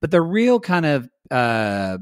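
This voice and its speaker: A man's voice: a little high, clean tone, no room sound, clean studio sound. A man co-hosting a reality TV recap podcast in casual chat, bantering and acting out quotes. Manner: animated, quick banter, acts out quotes. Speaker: podcast co-host.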